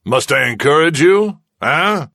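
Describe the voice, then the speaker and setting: A man voicing a cruel captain, slow and cold in his threats. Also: fairly low pitch, expressive, fairly bright tone, dry recording, studio quality. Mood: menacing. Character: cruel Spanish male captain, menacing and sarcastic.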